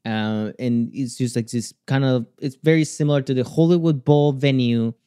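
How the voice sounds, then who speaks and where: A man, chatting as a guest and telling a story with lively acted-out quotes. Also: medium pitch, moderate pace, clear, resonant tone, dry recording, studio quality. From Chile. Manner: animated storytelling, acting out quotes. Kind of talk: casual chat.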